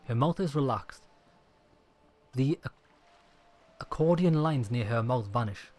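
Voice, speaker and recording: A man's voice: mid-range voice, animated, measured pace, darkish tone. A man hosting a gaming channel, reading the game's dialogue aloud in a casual way while playing. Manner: casual, swears at in-game failures.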